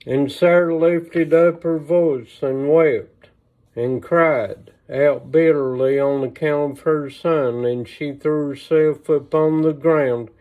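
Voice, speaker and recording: A man reading an old religious text aloud on a livestream, slow and measured, with small asides, recorded on a phone. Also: a little high. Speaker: reader. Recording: tinny phone-line sound.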